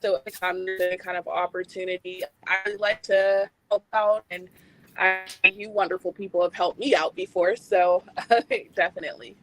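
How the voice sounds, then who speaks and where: A woman psychic speaking steadily on a live stream, pausing on fillers. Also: fairly low pitch, fairly even intonation, no echo, faint music behind, low-quality recording. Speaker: psychic reader.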